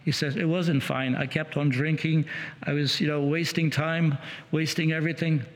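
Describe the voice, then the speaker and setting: A man's voice: fairly high pitch, flat delivery. Man telling a story in a reverberant hall. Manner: retells a witness story, halting and repetitive. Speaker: preacher. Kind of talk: sermon storytelling.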